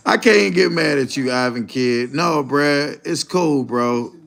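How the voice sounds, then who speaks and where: A man's voice: on the high side, unhurried, gravelly, a bit bright. A man hosting a casual livestream, talking to his chat in a rambling, profane way and laughing often. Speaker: livestream host.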